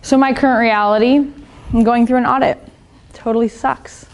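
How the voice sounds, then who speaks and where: A woman's voice: on the high side, steady tone, moderate pace. A woman business coach giving a motivational seminar talk, blunt and profane, often checking in with the audience. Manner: blunt and profane, keeps asking the audience "right?".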